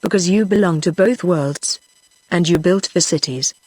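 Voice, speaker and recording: A British text-to-speech woman's voice reading the part of a calm, patient little wooden Noah's Ark man in a storybook. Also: lowish voice, normal speed, husky, no echo. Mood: calm explaining. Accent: British English. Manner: patient, explaining.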